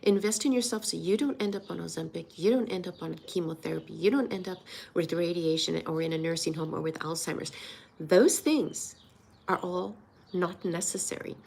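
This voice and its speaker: A woman's voice: lowish voice, normal speed, creaky, a little mellow, slightly rough. A woman in her sixties, a weight loss coach, talking earnestly and emotionally in a personal vlog, encouraging her viewers. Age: 60s.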